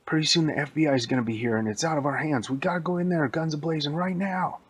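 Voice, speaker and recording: A man voicing impatient police officers in a spoken made-up story, with urgent, hurried calls. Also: a little high, slightly rough, voice pushed up. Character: pushy, trigger-happy male police officers.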